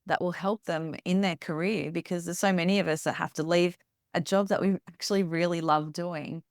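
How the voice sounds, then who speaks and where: A woman's voice: fairly low pitch, fairly even intonation, brisk, dry recording, studio quality. A woman hosting a podcast interview, earnestly agreeing with her guest and asking follow-up questions. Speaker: podcast host. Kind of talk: interview conversation.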